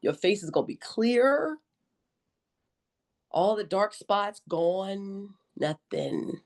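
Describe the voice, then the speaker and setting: A middle-aged woman as a podcast guest, telling her story in a lively, joking, colloquial way and acting out her own quotes. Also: mid-range voice, slow pace. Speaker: podcast guest, army veteran nurse. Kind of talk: conversational interview storytelling.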